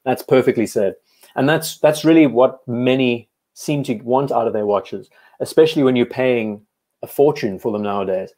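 South African male host, mellow warm tone, casual enthusiastic live-stream chat. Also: medium pitch, moderate pace. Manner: chatty, enthusiastic, frequent restarts.

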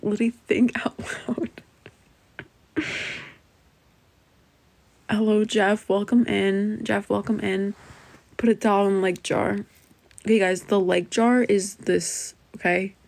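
Giggly young woman with a gravelly edge. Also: mid-range voice, darkish tone, no room sound. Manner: giggly, keeps laughing, says like and legit a lot. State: breathless from laughing. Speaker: livestreamer reading chat. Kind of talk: casual live stream chat.

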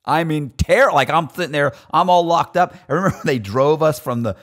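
A man's voice: a little high, fairly quick. A middle-aged man casually telling prison stories, swearing freely, laughing often and acting out what others said. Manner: animated, profane, laughs often, acts out quotes. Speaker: guest storyteller. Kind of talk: casual storytelling chat.

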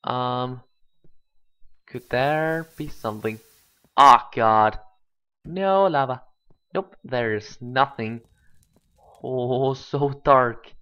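The host of a gaming channel provides let's play commentary, voicing his thoughts and bursting into excited cries. His mid-range voice stretches out words and leaves long pauses, heard over a dull lo-fi home mic.

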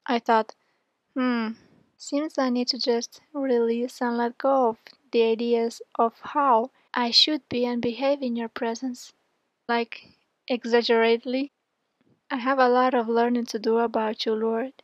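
A woman reading her prayer journal aloud in an earnest, gentle, heartfelt way. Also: a little high, flat delivery, unhurried, no echo. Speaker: devotional journal reader. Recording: dull, dry lo-fi recording.

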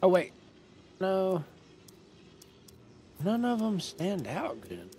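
A man's voice: high-pitched, huge pitch swings, extremely slow, warm tone, slight background noise. A man giving casual commentary while playing a video game, chatty and thinking aloud as he makes up his mind. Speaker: gaming streamer.

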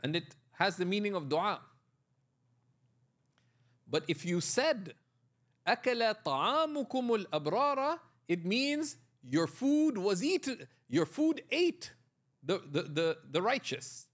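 A man lectures on Arabic grammar in a fairly high voice with lively, swooping intonation. He walks through each point step by step and keeps checking in with his students, asking "right?" and quizzing them as he goes. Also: takes it slowly, husky. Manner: frequent checking tags like "right?". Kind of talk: classroom lecture.

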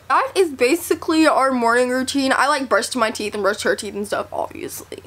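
A woman's voice: high voice, fairly quick, hardly any pauses, a bit bright. A teenage girl chatting casually to her camera at home, often cooing to her baby in a sing-song voice. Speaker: vlogger. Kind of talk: casual vlog talk. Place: home, indoors. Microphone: camera set down nearby.

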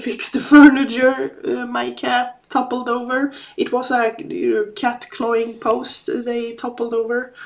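A woman's voice: a little high, darkish tone. A woman chatting casually while crafting at home, sniffling from a runny nose and often apologizing. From Sweden. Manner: chatty, apologetic, easily sidetracked. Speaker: vlogger. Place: at home, indoors.

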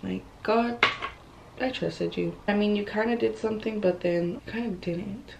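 A woman's voice: mid-range voice, normal speed, creaky, highs cut off, background noise. A young woman chatting bluntly during a makeup routine, swearing and saying "like" constantly, filmed by a camera in her bedroom. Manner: chatty and blunt, swears a lot, heavy use of "like". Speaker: beauty vlogger. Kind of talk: casual get-ready-with-me chat.

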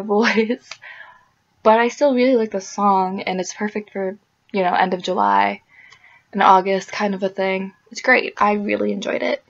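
A woman hosting a casual music video reaction vlog, gushing and excitable as she talks as a fan. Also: medium pitch, creaky, muffled recording.

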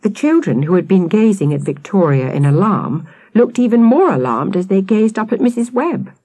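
A woman narrating a children's audiobook with an expressive, dramatic reading. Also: medium pitch, moderate pace, no room sound.

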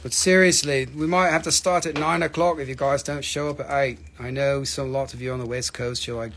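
A man's voice: medium pitch, steady tone, brisk, hardly any pauses, fairly bright tone, slight background noise. A man selling rocks on a live stream, teasing viewers by name, swearing casually and joking between prices. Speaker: live-stream crystal seller.

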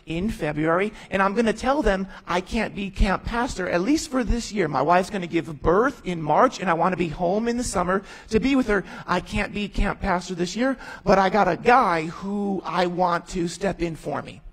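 This pastor, a man in his thirties, has a high-sitting voice and keeps a moderate pace with few pauses, captured on low-quality audio. His testimony sermon is emphatic storytelling, with his own words and others' acted out in voices that rise almost to shouting.

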